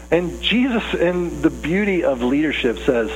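A man's voice: a little high, expressive, moderate pace, hardly any pauses, big-room sound, slight background noise, rough recording. A man preaching a sermon in a conversational, earnest way, often asking his listeners questions. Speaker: pastor.

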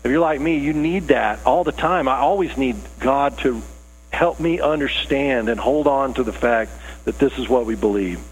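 A man's voice: mid-range voice, normal speed, slight background noise, low-quality recording. A man preaching a conversational sermon, earnest and casual with rising emphasis. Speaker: pastor.

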